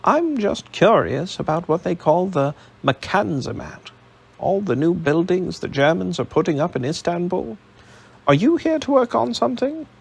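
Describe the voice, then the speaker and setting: A man's voice: sits high, big pitch swings, normal speed, vocal fry, slightly rough, pitched above the performer's own voice, exaggerated voice. A man voicing an eager, talkative male newspaper reporter in an audiobook reading, his delivery brash and friendly, with questions that climb upward. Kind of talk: audiobook character voice.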